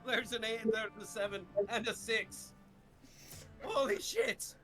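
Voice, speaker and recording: A man playing a tabletop game, excitable and swearing as he talks through his rolls. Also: high-pitched, unhurried, soft background music. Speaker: player.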